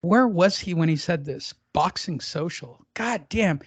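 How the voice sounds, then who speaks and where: A man's voice: fairly high pitch, animated, measured pace, breathy edge, no echo. A man hosting a boxing podcast, joking around and swearing in casual chat. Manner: joking, self-mocking, crude. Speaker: podcast host.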